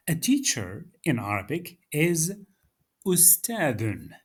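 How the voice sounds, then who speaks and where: A man's voice: medium pitch, lively intonation, a little slow, slightly rough. A man teaching a beginner Arabic lesson, patiently saying words for the listener to repeat. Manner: patient, drills words for repetition. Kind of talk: slow beginner language lesson.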